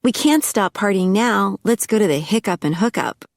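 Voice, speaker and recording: A woman voicing a drunk, ditzy young blonde woman who whines and giggles in a high, squeaky voice. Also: animated, moderate pace, dry recording, clean studio sound, natural voice. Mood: tipsy, whiny. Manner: high-pitched, whiny party-girl voice.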